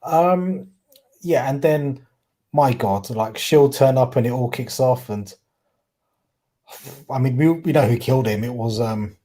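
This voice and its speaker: A man with a Cockney accent talks in a loose, rambling way. His mellow, warm voice sits at a middling pitch, and he often trips over a word and backs up to fix it. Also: measured pace. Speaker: podcast co-host. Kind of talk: casual chat.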